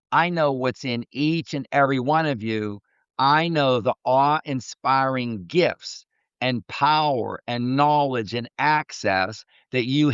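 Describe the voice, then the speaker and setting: A man speaks in a smooth, clear voice of middling pitch, earnest and preachy as he tells stories. The sound is dry and a little dull and lo-fi, with no room around it. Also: a bit bright, dry recording. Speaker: mindset coach podcast host. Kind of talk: motivational talk.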